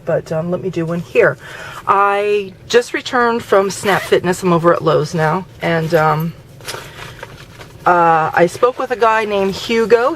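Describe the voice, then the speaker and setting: A woman's voice: fairly low pitch, a little hiss or hum. Woman, casual vlog rant, indignant and venting, recorded on a handheld camera in a parked car. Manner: indignant, venting, retells conversations. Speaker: vlogger.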